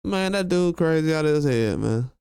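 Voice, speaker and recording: A man's voice: fairly high pitch, animated, moderate pace, gravelly, a little mellow, clear, resonant tone, no room sound, studio quality. A man hosting a commentary video, ranting in a heated, slangy, emphatic way and repeating his points. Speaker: commentary channel host. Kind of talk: casual commentary rant.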